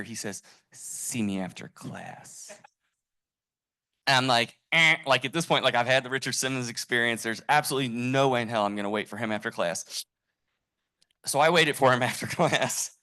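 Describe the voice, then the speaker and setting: A man sharing an animated personal story at a tribute gathering, laughing as he talks. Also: mid-range voice, fairly quick. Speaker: event attendee sharing a memory.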